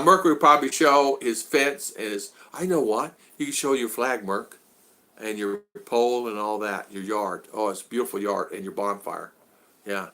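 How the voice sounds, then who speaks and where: A man chatting casually to his live-stream audience, with a bright, forceful voice. He rambles with lots of "uh"s and restarts and stops to greet viewers by name. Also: medium pitch. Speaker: vlogger hosting a live stream.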